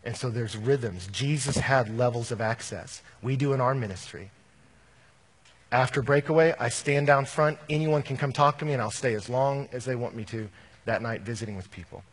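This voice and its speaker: Husky man preaching conversationally. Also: medium pitch, moderate pace. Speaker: campus minister. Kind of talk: sermon.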